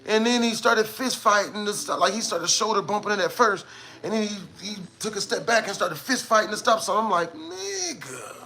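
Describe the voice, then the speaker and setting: A man's voice: high-pitched, a little fast, sharp tone. A man and gaming streamer telling a casual story in a rambling, slangy way, full of "you know what I'm saying" fillers.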